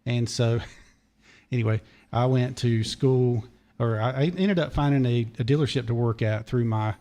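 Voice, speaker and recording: A man, a podcast guest telling a long, digressive story in a hoarse voice because he is losing it. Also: medium pitch, steady tone, moderate pace, dark tone. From Charlotte area, North Carolina. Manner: digressive, detail-heavy storyteller. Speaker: podcast guest, former race mechanic. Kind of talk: long rambling story told in casual chat.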